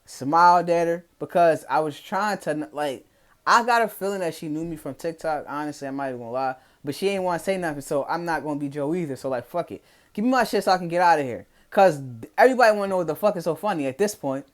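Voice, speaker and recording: A man's voice: a little high, animated, fast talker. A young man with a Philadelphia accent telling a casual, profane, slang-heavy story to his followers. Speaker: vlogger.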